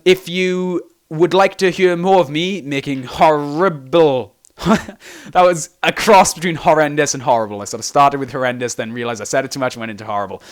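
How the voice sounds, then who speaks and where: Young man, slightly high voice, rambling, self-deprecating, tired, casual game tutorial. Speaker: video game tutorial host.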